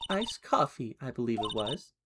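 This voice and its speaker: A man's voice: mid-range voice, very animated, moderate pace, noisy background, lightly acted. A man voicing a brash, sly young woman witness who whines petulantly and sneers at the lawyers. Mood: sweetly coy. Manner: pouty, baby-talk whining, then sneering. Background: game music.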